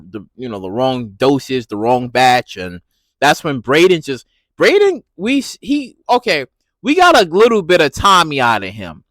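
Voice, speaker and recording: A man giving a casual, animated recap of a TV episode, laughing and repeating himself as he reacts. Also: fairly high pitch, no room sound. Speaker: TV recap vlogger.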